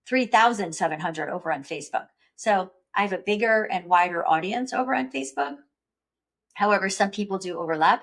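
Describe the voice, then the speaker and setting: Earnest woman hosting a reflective podcast. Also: lowish voice. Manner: earnest, self-reflective, acts out panicked inner voice. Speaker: podcast host. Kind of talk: personal reflective monologue.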